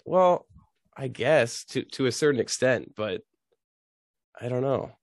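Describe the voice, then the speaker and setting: An easily amused man trades teasing remarks in casual podcast chat. His mid-pitched voice sounds close and dry. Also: animated, slow, no echo.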